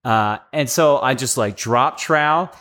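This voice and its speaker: A man's voice: medium pitch, takes it slowly. A young man on a podcast, casually telling a long funny story and acting out the voices of the people in it. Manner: animated storyteller acting out quoted voices, lots of "like". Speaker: podcast co-host.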